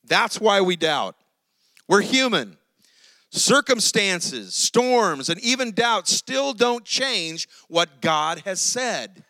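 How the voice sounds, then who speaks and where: A man preaching with a high, bright and forceful voice. He tells the story with animated energy, like a preacher drawing his listeners in. The sound is close and dry, with little room echo. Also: takes it slowly. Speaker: pastor. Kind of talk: sermon.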